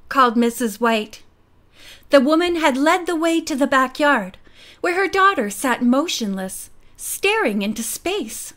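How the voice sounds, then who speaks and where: A woman narrating a mystery novel as an audiobook. Her voice sits high, and she tells the story in a steady, clear way. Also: unhurried.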